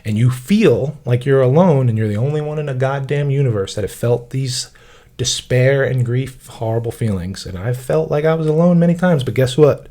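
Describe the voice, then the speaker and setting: Animated swearing storyteller man. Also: medium pitch, moderate pace. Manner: animated storyteller, swears freely, acts out voices. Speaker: podcast host. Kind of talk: casual motivational chat.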